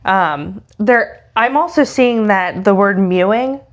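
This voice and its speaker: A woman co-hosting a podcast, talking casually and hesitantly with many pauses. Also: medium pitch, dull audio. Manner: hesitant, many ums and uhs. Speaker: podcast co-host. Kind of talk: casual chat.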